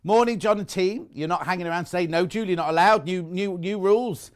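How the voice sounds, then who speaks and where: British man, chatty craft shopping host, fairly high voice, teasing and playful. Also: fairly quick. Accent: British English. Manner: chatty, teasing, reads viewer messages aloud. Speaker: shopping channel presenter. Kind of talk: live craft shopping chat. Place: TV studio.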